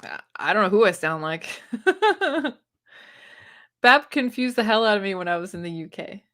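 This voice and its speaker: A woman's voice: mid-range voice, very animated, normal speed, a bit bright. Giggly, chatty woman hosting a live stream. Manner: giggly, chatty, often laughs and restarts. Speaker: booktube live-stream host. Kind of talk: casual live-stream chat, reading comments aloud.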